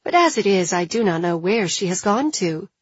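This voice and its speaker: A woman narrating an audiobook, voicing a formal, courteous young noblewoman with a husky tone. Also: mid-range voice, animated, normal speed, no room sound, muffled recording.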